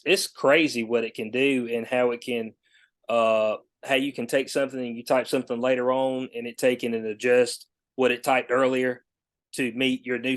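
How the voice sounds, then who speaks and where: A man hosting a podcast in casual chat, relaxed and slangy, acting out a rude clerk. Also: medium pitch. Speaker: podcast host.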